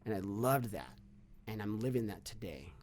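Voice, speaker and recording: With a lowish, slightly mellow voice, lively intonation, and normal speed, a middle-aged man shares stories as a podcast guest over slight background noise. The fitness business owner talks earnestly in a casual interview, frequently repeating himself and starting sentences over.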